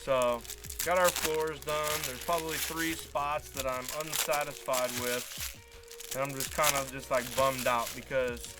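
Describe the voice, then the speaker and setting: A man's voice: medium pitch, fairly even intonation, a little slow. A man telling a long, frustrated story in casual live-stream chat as a card break host, acting out quoted dialogue. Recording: faint music behind.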